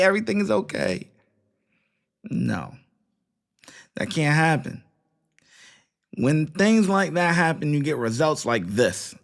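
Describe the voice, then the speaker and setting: A man's voice: on the high side, a bit bright. A man hosting a reaction commentary, opinionated and scolding, mocking the people he watches. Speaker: commentary host.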